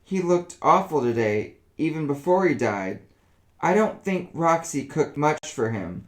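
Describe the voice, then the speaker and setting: A man voicing an elderly woman who speaks in a flat, emotionless, dazed way. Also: fairly high pitch, measured pace. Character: elderly woman, dazed and flatly matter-of-fact.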